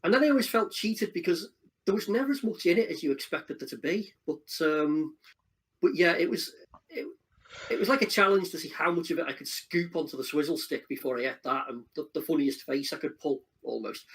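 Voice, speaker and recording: A man in his forties with a husky, somewhat high voice tells relaxed, nostalgic stories as a stream guest. He drifts along with the odd um and sidetrack. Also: brisk. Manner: nostalgic storytelling, relaxed, with ums. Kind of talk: casual reminiscing chat.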